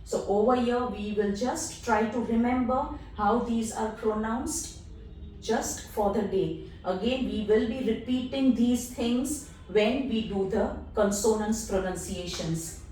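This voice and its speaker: A woman teaching a French pronunciation lesson, drilling each word slowly by repetition. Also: a little high, warm tone, a little hiss or hum. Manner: slow, drilling words by repetition. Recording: very echoey room, mic at a distance.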